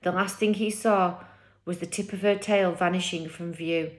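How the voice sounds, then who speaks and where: A woman reads a children's novel aloud, one chapter at a time. Her voice sits slightly low, and her delivery is expressive and dramatic. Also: moderate pace. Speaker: storyteller reading a children's novel. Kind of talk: chapter-by-chapter book reading.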